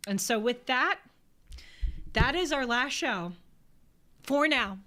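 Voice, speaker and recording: A young woman, the show's host, giving a heartfelt, tearful farewell in a soft voice. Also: sits high, animated, takes it slowly. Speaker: podcast host. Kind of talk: emotional farewell address.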